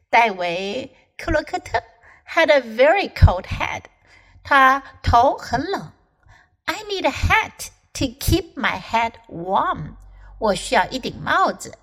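Casting: woman, high and animated, unhurried storybook reader with an American English accent. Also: low-quality recording. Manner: expressive, lively storyteller. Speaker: English teacher. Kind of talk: storybook reading with Mandarin explanations.

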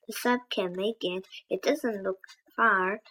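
A woman voicing a cautious, worried young boy in a read-aloud storybook, slightly higher and more excited than her narration. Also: slow pace, rough recording. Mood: urgent.

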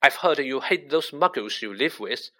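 A man's voice: mid-range voice, lively intonation, moderate pace, sharp tone. A man doing a quivering, stubborn schoolboy. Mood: nervous, stubborn. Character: nervous pompous schoolboy wizard, stubborn.

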